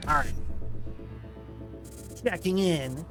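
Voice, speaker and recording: Guy streaming a game, high bright voice, rambling and joking with chat, music under it. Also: drawn-out words. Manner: chatty, rambling, jokey asides to chat. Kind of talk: casual gameplay commentary.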